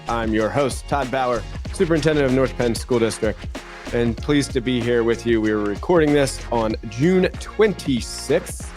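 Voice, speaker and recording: A man's voice: mid-range voice, normal speed, a little mellow. A man with an American accent hosting a casual school-district podcast in a jokey, upbeat, self-deprecating way, with faint music behind him. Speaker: podcast host, school superintendent.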